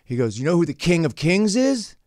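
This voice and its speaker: A man's voice: on the high side, sing-song, brisk, a little mellow, no echo, studio quality. A man on a podcast telling a rambling, profane story, acting out what people said. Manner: profane, rambling, acts out quotes. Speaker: podcast guest. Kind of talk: casual storytelling chat.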